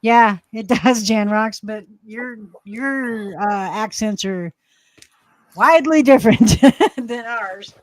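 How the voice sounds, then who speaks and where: Chatting casually as a livestream co-host, an Alabama woman with a local accent rambles on, laughing often and cursing occasionally. Her voice sits on the high side and moves slowly, with no echo.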